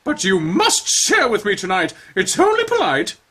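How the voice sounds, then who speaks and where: A grand, flirtatious dance-instructor lady, put on by a man, gushing in a high, warbling falsetto. Her lines stretch out slowly and theatrically, swooping all over, from a game reading. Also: wildly swooping pitch, sharp tone, breathy edge, full character voice.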